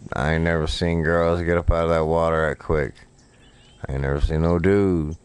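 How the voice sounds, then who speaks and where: A man's voice: very deep voice, clear, resonant tone. A man telling a rambling, profane story while he plays a fishing game on stream. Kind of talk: casual storytelling while gaming.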